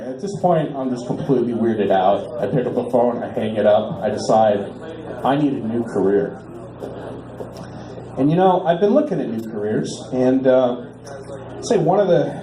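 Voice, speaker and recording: A man in his forties doing a stand-up comedy set in a bar, delivering punchlines deadpan and drawing out repeats while he waits for laughs. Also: mid-range voice, moderate pace, echoey room, poor audio. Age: 40s. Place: small bar stage.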